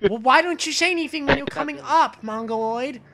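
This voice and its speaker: A man's voice: very high voice, brisk, gravelly, heavy background noise. A young man mocking other players in game voice chat, sarcastic and condescending. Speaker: online gamer trolling other players.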